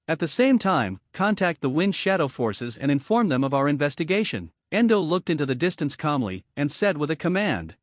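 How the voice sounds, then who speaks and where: A man narrates an anime recap at a steady reading pace, his pitch moving up and down a lot. The recording is dry and close, with no room sound. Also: brisk, hardly any pauses, dry recording.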